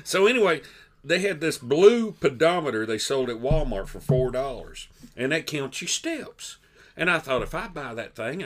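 A man with a drawl spins a funny story in loose podcast chatter. His voice is bright and forward, and he keeps a lively, laughing storyteller's energy. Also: fairly high pitch. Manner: animated, folksy storyteller who laughs a lot. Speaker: podcast co-host. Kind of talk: casual storytelling chat.

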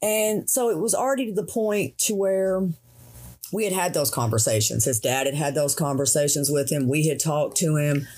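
A woman's voice: low voice, lively intonation, a little mellow. Grieving woman in her forties. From Tennessee, USA. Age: 40s. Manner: earnest, raw, slows and speeds while recounting grief. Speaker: guest. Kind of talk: emotional personal interview.

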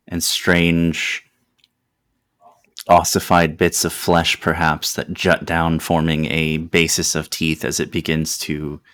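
A man with a very low voice narrates a tabletop game as its game master. He describes creatures in a laid-back, unhurried way and laughs often. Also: fairly bright tone.

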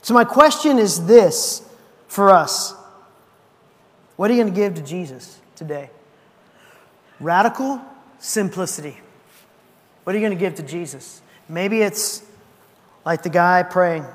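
High-voiced pastor guy preaching, acts out the bible story, loud then hushed, big echoey church. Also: unhurried, long pauses. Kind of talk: sermon. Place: church sanctuary. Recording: long hall reverb.

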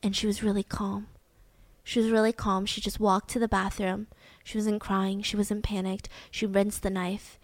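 A young woman hosting a true-crime podcast, telling the story in an animated, casual, slangy way. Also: medium pitch, normal speed, no echo. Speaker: podcast host.

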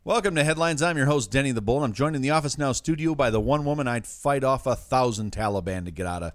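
A man's voice: medium pitch, fast talker, no echo. A man hosting a comic news show in a studio, delivering jokes and headlines in a wisecracking way. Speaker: host.

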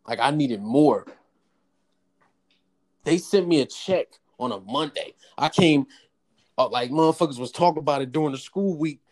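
A young man in casual chat telling a story in an animated, profane way. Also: moderate pace, pauses often. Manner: animated, profane storytelling with raised-pitch quotes.

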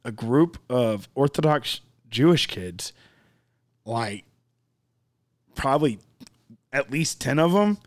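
A man's voice: medium pitch, animated, slow, pauses often. A man co-hosting a casual podcast chat, telling rambling stories with lots of fillers and laughing often. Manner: rambling storyteller, acts out quoted voices, laughs often. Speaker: podcast co-host.

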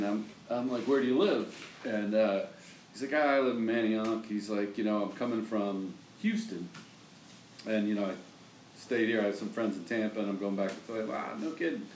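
A man chatting casually about sports, telling stories and acting out both sides of conversations. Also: lowish voice. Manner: animated storyteller, acts out both sides of conversations. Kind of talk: casual chat. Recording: roomy, from far off the mic, faint hiss.

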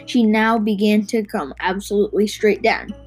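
A young narrator reading a storybook aloud, halting with restarts and little asides, and hosting a podcast. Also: mid-range voice, soft background music, rough recording.

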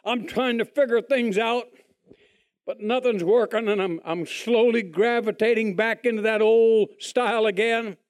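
Man, high voice, folksy testimony teller who does the other people's voices. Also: a little slow. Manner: folksy, animated, acts out other people's lines in a higher voice. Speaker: speaker giving a testimony. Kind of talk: testimony storytelling.

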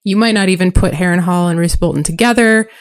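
A woman's voice: fairly low pitch, quick pace. Chatty female podcast co-host. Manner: chatty, with many fillers like "like". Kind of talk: casual book-discussion chat.

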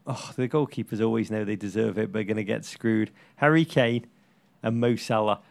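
A middle-aged English man co-hosting a football podcast, talking in an animated, playful, teasing way. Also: lowish voice, brisk, creaky. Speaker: podcast co-host. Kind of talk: casual football chat.

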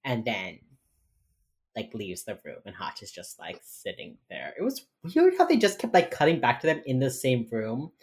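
A woman co-hosting a podcast, casually recapping a TV episode with animated storytelling and playful reactions. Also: a bass voice, normal speed. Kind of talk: casual chat.

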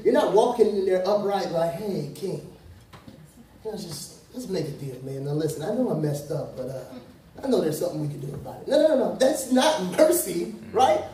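In a church sanctuary, a male pastor delivers a conversational sermon that starts out casual and joking, then turns emphatic and earnest. His voice sits high and mellow, picked up by a distant mic in an echoey hall with slight background noise.

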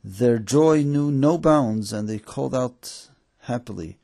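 A man's voice: slow pace, vocal fry. A man narrating a story in storybook style, raising his voice for the characters' lines. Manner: voices characters with lifted excited pitch.

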